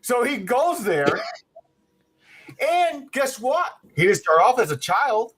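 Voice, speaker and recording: Brief: male podcast co-host, angry comic rant, lively swooping pitch, swears constantly. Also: slow, slightly rough. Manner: profane, heated, animated ranting with laughs. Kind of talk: casual ranting movie recap. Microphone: home podcast mic.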